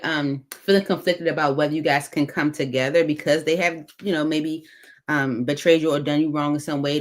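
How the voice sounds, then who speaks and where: A woman reading tarot cards aloud in a casual, chatty way, thinking out loud with many fillers. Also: deep voice. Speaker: tarot reader.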